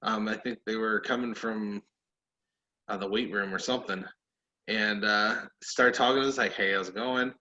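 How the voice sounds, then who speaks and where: A man's voice: lowish voice, fairly even intonation, normal speed, bright, forceful tone. A man from Ohio co-hosting a casual sports chat, rambling and laughing as he talks. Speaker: podcast co-host. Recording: dull lo-fi sound.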